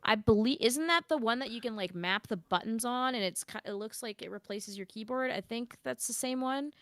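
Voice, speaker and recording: A woman's voice: on the high side, fairly quick, a bit bright, no room sound. A young Canadian woman co-hosting a gaming podcast, reading out stream chat in a casual, chatty way and swearing freely. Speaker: podcast co-host.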